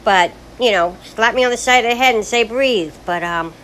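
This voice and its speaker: A woman's voice: a little high, a little fast, a bit bright, slight background noise, low-quality recording. An older woman talking frankly in a rambling, casual monologue about her life, full of restarts. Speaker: grandmother sharing life stories.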